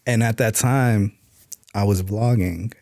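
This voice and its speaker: A man's voice: fairly low pitch, slow pace, creaky, a little mellow, no room sound, clean studio sound. A middle-aged man, an author, telling stories in a laid-back casual interview. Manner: laid-back, acts out quoted voices in stories. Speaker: author and podcast guest.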